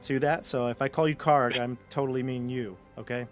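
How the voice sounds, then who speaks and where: A man's voice: medium pitch, fairly even intonation, fairly quick, faint music behind. A man running a tabletop game as game master, narrating in a loose, conversational way with frequent fillers and restarts.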